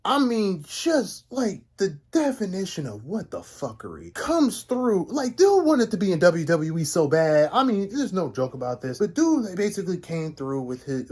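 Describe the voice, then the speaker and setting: A man giving a comedic, casual anime recap in loud, profane, incredulous rants. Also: sits high, breathy edge.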